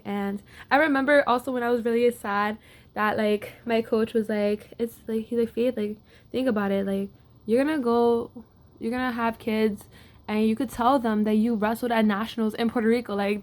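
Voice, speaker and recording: A young woman athlete casually telling a personal story to camera, with lots of filler words. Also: a little high. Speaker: wrestler.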